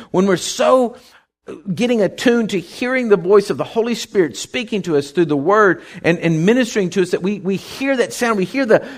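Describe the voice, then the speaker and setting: Male pastor, middle-aged, folksy sermon delivery, slightly high voice, very lively pitch. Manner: folksy, conversational preaching with asides and questions to listeners.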